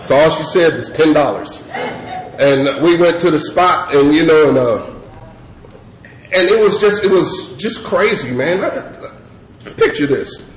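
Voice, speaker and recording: A man's voice: expressive, a little slow. A middle-aged man from California telling a rambling, laughing personal story to a crowd, full of fillers. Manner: loose rambling storyteller, many fillers, breaks into high laughing voice. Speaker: speaker sharing recovery story. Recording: echoey room with crowd noise.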